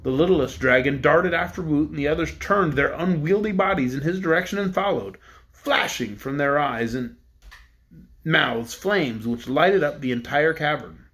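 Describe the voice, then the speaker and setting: Man reading a storybook, measured. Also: on the high side, lively intonation, a bit bright. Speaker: audiobook narrator.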